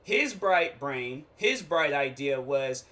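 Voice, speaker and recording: A man hosting his own show, telling a rambling, animated comic story in slangy, casual talk with frequent restarts. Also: mid-range voice, slow pace. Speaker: show host. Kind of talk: casual comedic monologue.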